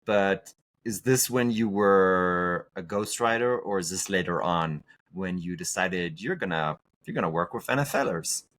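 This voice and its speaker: A man hosts the interview in a lowish voice, recorded close and dry. He is animated and laughs often, his pitch jumping upward when he stresses a point. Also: a little slow, no room sound. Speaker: podcast host. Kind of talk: conversational interview.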